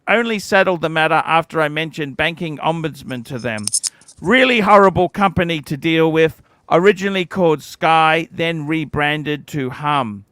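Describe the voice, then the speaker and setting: A man in his forties with a bright, crisp, fairly high voice rants at length, swearing freely and sounding thoroughly cantankerous. The sound is dry and close, with no room around it. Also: no room sound. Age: 40s. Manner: profane, cantankerous ranting. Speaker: livestream host. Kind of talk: ranting livestream chat.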